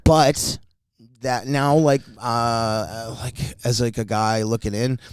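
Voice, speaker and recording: A man's voice: mid-range voice, takes it slowly, clear, resonant tone, no echo. A man telling a story in casual chat, swearing often and acting out what people said. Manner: animated, swears a lot, acts out quotes in shifting voices.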